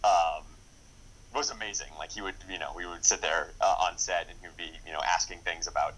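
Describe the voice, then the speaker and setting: A man's voice: low-pitched, steady tone, fairly quick, fairly bright tone, low-quality recording. A man who wrote and directed a film, chatting enthusiastically in an interview, rambling with lots of fillers and restarts. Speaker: screenwriter and director. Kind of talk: casual interview.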